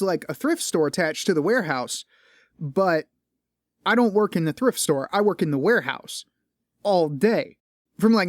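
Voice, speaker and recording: Male podcast host, casual monologue, curses freely, somewhat high voice, dry close recording. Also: no echo. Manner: rambling and profane, with frequent restarts; tired, complaining.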